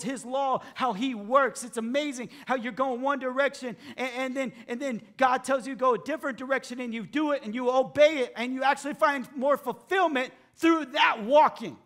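A male pastor preaching a sermon, acting out the voices of doubters, then dropping to hushed emphasis. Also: high voice.

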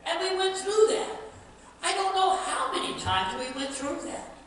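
High-voiced guy preaching, big echoey hall, kinda far off mic with faint hiss. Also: lively intonation, unhurried, fairly bright tone. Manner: earnest preaching with repetition and rising emphasis. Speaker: pastor. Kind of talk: sermon.

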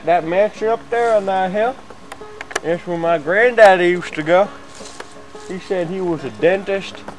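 A rambling, unhinged backwoods man, played by a male comedian shows off his forest home. His voice sits a little high for a man, and he stammers, loses his thread and suddenly bursts out loud. Music plays clearly behind him. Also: unhurried, poor audio. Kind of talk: improvised comedy sketch.

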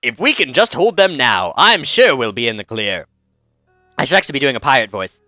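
A man's voice: medium pitch, big pitch swings, a little fast, pushed and bright, no room sound, studio quality. A man hosting a let's-play, chatting casually and rambling through commentary with many fillers and restarts. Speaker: game let's-play host.

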